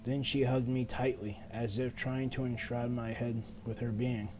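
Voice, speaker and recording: A man's voice: medium pitch, fairly even intonation, moderate pace, noisy background, natural voice. A man reading as a frightened trapped schoolgirl. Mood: desperate. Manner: earnest, desperate first-person narration. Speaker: let's player. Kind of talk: reading game text aloud.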